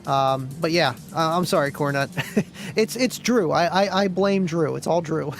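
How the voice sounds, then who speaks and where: A man hosting a casual live stream, chatting in a rambling, friendly way, reading viewer comments aloud and often clearing his throat. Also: a little high, moderate pace, soft background music, rough recording.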